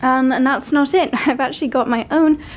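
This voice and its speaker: A woman's voice: high-pitched, moderate pace, a little hiss or hum. A woman, gushing with delight as she films a vlog tour of a luxury hotel room. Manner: gushing, breathless with delight, repeats exclamations. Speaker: fashion and lifestyle vlogger. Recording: music playing under the voice.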